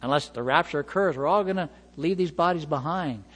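A male pastor preaching a sermon, retelling scenes with lively acted-out dialogue and chuckles. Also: a little high, fairly quick, breathy edge, in a large hall. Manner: animated storytelling, acts out dialogue, chuckles.

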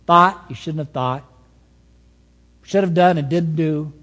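Male pastor, sermon, high lively voice, long hall reverb. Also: takes it slowly. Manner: animated, storytelling, swings between soft and emphatic.

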